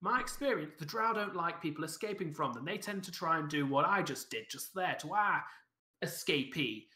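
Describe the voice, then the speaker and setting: Gruff, threatening duergar guard, bright and tense, as a game master puts him on, echoey room. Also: male voice, on the high side, animated. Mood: hostile. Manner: blunt, threatening, halting with fillers.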